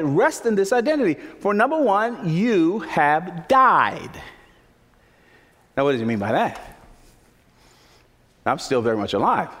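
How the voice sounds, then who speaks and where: A man preaching a sermon as pastor, emphatic, repeating key phrases for effect. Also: high-pitched. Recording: long reverb of a large hall.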